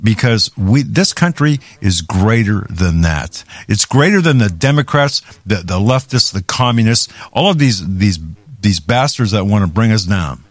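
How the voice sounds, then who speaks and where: A man's voice: on the low side, expressive, unhurried, no room sound. A man hosting a talk show, giving heated political commentary with many restarts and stumbles. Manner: heated, ranting, with frequent restarts.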